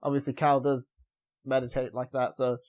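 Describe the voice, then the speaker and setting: A man's voice: medium pitch, level tone, moderate pace. A man co-hosting a casual review chat, talking loosely and hesitantly with many fillers. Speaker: review show co-host. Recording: dull lo-fi sound.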